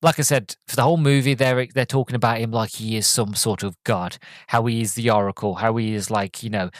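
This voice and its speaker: A man's voice: mid-range voice, fairly even intonation, fairly quick, dry recording. A man hosting a casual solo review podcast, rambling and full of fillers. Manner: rambling, filler-heavy, frequent "sort of". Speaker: podcast host, film reviewer.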